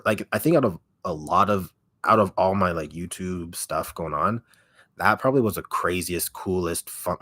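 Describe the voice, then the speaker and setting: Man, very deep voice, raspy, rambling casual livestream talk, lots of fillers and cursing, dry close sound. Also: bright, forceful tone, no echo. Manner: rambling storytelling full of fillers and swearing. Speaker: ASMR YouTuber.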